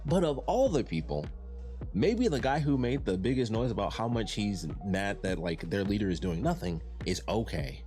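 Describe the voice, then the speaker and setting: A young man from Detroit, USA, reviews a TV show in a lowish, dark-toned voice, very animated but at normal speed. He rambles casually, repeating words, restarting sentences, and leaning on fillers. Soft music plays in the background.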